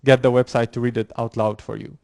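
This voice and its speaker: A male university lecturer explains concepts to a class, stumbling through fillers and repeated words as he goes. His voice sits at a middle pitch and is recorded dry, with almost no room echo. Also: level tone, gravelly, darkish tone. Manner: halting, many fillers and restarts.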